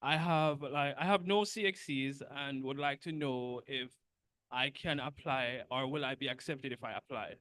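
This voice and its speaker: A man's voice: mid-range voice, normal speed, bright, forceful tone, no room sound. A man in his forties calling in to a show, upbeat and direct with his question. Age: 40s. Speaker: caller. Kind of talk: phone-in questions.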